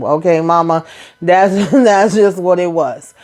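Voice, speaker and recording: A woman host casually recapping a reality show episode, talking in a slangy, animated way with frequent asides to her viewers. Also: lowish voice, a little slow.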